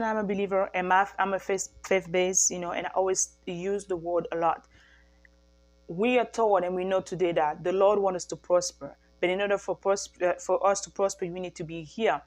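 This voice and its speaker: A woman from Africa speaks straight to her viewers in a heartfelt personal testimony. Her voice sits a little low, and she leans on repetition, circling back over her words and restarting sentences as she goes. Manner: earnest, repeats phrases for emphasis, frequent restarts. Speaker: mother sharing a faith-based healing message.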